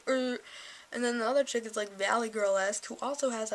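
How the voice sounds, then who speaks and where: A woman's voice: fairly high pitch, steady tone, brisk, poor audio. An eighteen-year-old woman vlogging, ranting sarcastically and swearing freely about her day. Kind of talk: casual ranting vlog.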